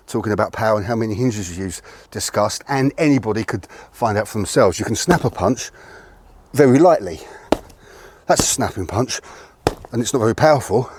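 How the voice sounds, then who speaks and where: Outside near a tree, a man teaches punching technique in a video lesson, speaking in a conversational manner and correcting himself as he goes. His medium-pitched voice is a little mellow with a breathy edge, and he is slightly out of breath. There is no echo.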